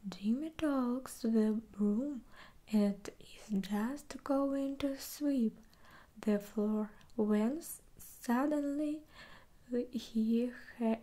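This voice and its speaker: A woman's voice: fairly high pitch, warm tone. A woman with a Russian accent reading a children's story aloud in a whispered ASMR reading.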